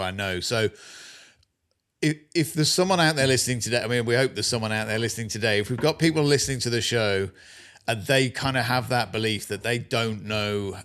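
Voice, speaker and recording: A man co-hosting a podcast, speaking in an encouraging, halting way with many restarts. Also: on the low side, a bit bright, clean tone. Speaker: podcast co-host. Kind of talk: encouraging interview talk.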